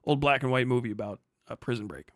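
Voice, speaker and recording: A man's voice: medium pitch, fast, fairly bright tone, no room sound. A young man hosting his stream, telling a story in a casual, profane way and laughing often, on a close mic. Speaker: streamer host. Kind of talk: casual reaction rant.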